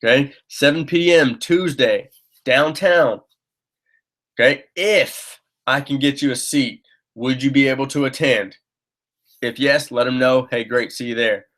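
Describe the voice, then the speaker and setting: A man's voice: mid-range voice, a little slow, fairly bright tone. A man leading a team training session, urging his listeners on, often checking in with "okay?" and restarting his phrases. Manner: coaching, keeps checking in with "okay?"; upbeat and urging. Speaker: sales trainer.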